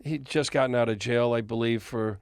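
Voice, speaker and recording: A man's voice: mid-range voice, fairly quick, clean tone, no room sound, studio quality. An older man, a record executive, telling a long anecdote as a guest in a podcast interview and chuckling often. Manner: animated storyteller, chuckles often.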